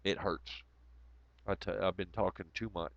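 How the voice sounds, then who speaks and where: A man hosting a casual livestream. His voice is hoarse and nearly gone, and he rambles in a sardonic, profane way. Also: sits low, steady tone, moderate pace, dry recording, dull audio. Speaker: livestream host.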